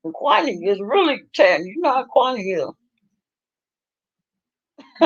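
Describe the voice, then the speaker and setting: A woman's voice: fairly high pitch, very animated, a little slow, lo-fi sound. A woman hosting a casual chat, laughing often and reacting to what she is listening to. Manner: laughing, gossipy reactions to a livestream. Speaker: host.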